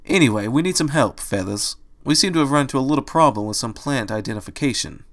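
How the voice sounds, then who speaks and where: A gruff, streetwise male rabbit, as a man reads him, grumbling in tough-guy slang. The voice sits at a middling pitch and stays close to a plain reading voice, just a little lower and quieter. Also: lively intonation, fast talker.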